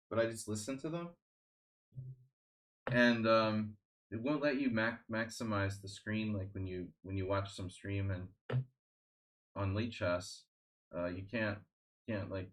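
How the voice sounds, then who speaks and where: A man's voice: lowish voice, steady tone, takes it slowly, long pauses. A man streaming chess, chatting casually in a rambling, sardonic way, full of restarts and fillers. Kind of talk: casual live-stream chat.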